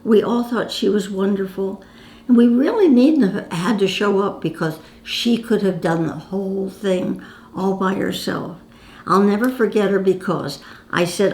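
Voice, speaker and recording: Chatty old lady in her 90s telling stories, middle pitch, echoey room. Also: measured pace, a little mellow. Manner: chatty, reminiscing, addresses viewer as "my dear". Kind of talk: casual storytelling to camera. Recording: roomy echo.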